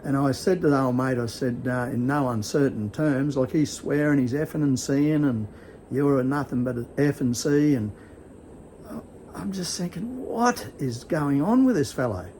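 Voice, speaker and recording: An older Australian man chats to his phone camera at home, telling a long story in a halting, rambling way full of ums and restarts. His voice is mellow and warm, at an ordinary pitch, with faint background noise in the recording. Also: low-quality recording. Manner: rambling, many fillers and restarts. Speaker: vlogger. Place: at home sitting with his dogs.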